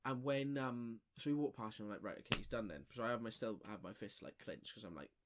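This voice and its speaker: A man's voice: mid-range voice, animated, fairly quick, very noisy. Sweary young guy telling a story. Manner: loose, sweary, lots of fillers and restarts. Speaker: podcast co-host. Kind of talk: casual storytelling chat.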